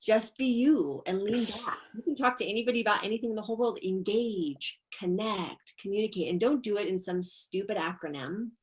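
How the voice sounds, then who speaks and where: A woman's voice: mid-range voice, fairly quick, few pauses, slight background noise, rough recording. A middle-aged woman hosting a masterclass discussion, blunt, emphatic and freely profane. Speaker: masterclass host. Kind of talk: casual group discussion.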